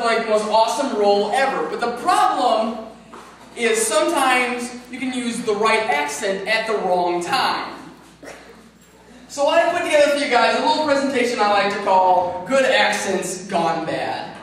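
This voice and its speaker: A man's voice: very high voice, expressive, moderate pace, fairly bright tone, a little hiss or hum. A man doing stand-up comedy at an open mic, with a rambling delivery full of fillers, talking through his own laughs. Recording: echoey room from far off.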